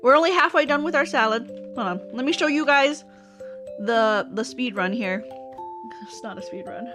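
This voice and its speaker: A woman's voice: on the high side, moderate pace, over music. A woman streamer in casual chat with her viewers, talking while she eats. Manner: chatty, talks while eating.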